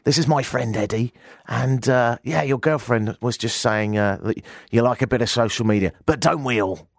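A man's voice: normal speed, vocal fry, no echo, clean studio sound. A British man in his forties hosting a talk radio show, telling a self-mocking story with wry asides. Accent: British English. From Britain. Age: 40s. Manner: wry, self-mocking, swings high for emphasis. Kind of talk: animated storytelling monologue. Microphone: studio microphone.

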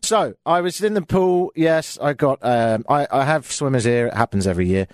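A man's voice: mid-range voice, expressive, moderate pace, dry recording. A man with a British accent hosting a talk radio show, chatting in a casual, self-mocking, grumbling way into a studio microphone.

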